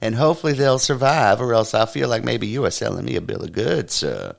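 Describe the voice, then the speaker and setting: A man's voice: medium pitch, lively intonation, brisk, vocal fry, pitched above the performer's own voice. A man voicing a naive young city man turned chicken farmer in a spoken joke, talking in a prim, formal and indignant way. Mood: hopeful.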